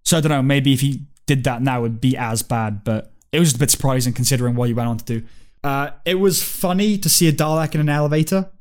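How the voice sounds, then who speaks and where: A man's voice: medium pitch, fast, a little mellow, clean tone. A man chatting casually as a podcast co-host, reviewing a TV episode with wry, hedging remarks.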